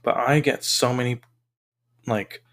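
Mid-pitched male co-host, giggly animated storyteller. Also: a little slow. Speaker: podcast co-host. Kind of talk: casual chat.

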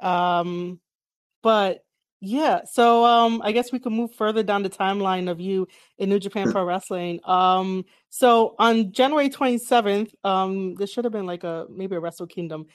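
A woman's voice: mid-range voice, normal speed, clear, resonant tone. A woman hosting a casual interview, rambling with many fillers and easy laughs. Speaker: interviewer, podcast host.

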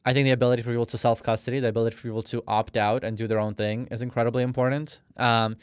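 A man's voice: medium pitch, flat delivery, rapid-fire, smooth, no room sound, studio quality. A man in his thirties from Russia, a podcast guest telling a personal story in a rambling, casual way with many fillers. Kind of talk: casual interview talk.

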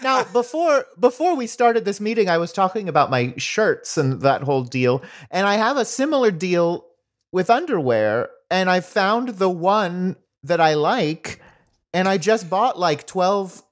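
A man in an improvised comedy role-play, talking in an animated, playfully defensive way. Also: high voice, unhurried.

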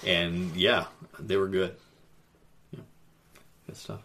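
Chatty low-voiced man, quick to laugh. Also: fairly even intonation, fairly bright tone. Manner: enthusiastic, laughs often, trails off with fillers. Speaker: podcast co-host. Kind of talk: casual chat about wrestling.

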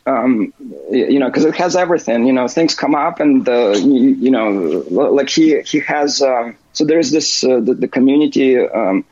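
A man talking as an interview guest, halting and full of restarts and "you know" fillers. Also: mid-range voice, a little mellow, breathy edge, dry recording. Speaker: interview guest, software developer. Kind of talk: casual interview. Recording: dull, lo-fi recording.

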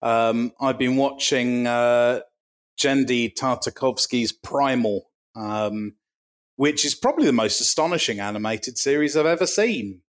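A man co-hosting a podcast, chatting casually with a dry, deadpan delivery and vivid, gory descriptions. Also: medium pitch, measured pace. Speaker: podcast co-host. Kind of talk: casual comedic chat.

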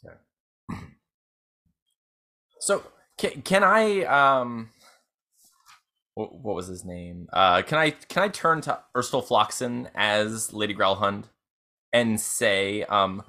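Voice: mid-range voice, expressive, takes it slowly, long pauses, pushed and bright. A player in a tabletop game, talking casually and hesitantly. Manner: hesitant, giggly.

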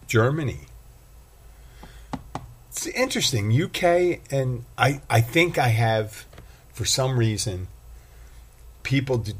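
A man's voice: on the low side, slightly rough. A man hosting a casual solo podcast, rambling and self-deprecating as he talks. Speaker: podcast host and bartender.

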